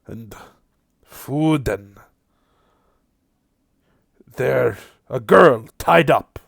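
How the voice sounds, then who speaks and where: Guy doing a little muscly spiky monster guy, broken english, raspy, slow and deliberate. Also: medium pitch, dry recording, clean studio sound, exaggerated voice. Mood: matter-of-fact. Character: small spiky muscular male creature messenger, cheerful.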